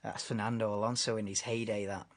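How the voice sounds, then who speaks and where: A man's voice: lowish voice, little pitch movement, quick pace. A man hosting a live race watchalong stream, chatting casually and laid-back over the broadcast.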